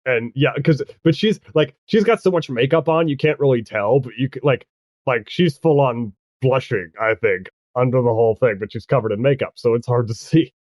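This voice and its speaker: A man narrating a tabletop role-playing game as game master, chatty and halting, often laughing as he goes. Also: medium pitch, a little mellow, dry recording, studio quality.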